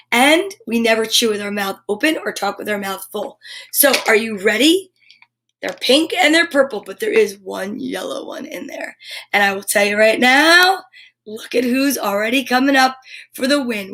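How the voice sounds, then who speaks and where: A woman hosting a live storytime stream, chatting in a bubbly, animated way straight to her viewers. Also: a little high, moderate pace, a little hiss or hum. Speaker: host of a live storytime show.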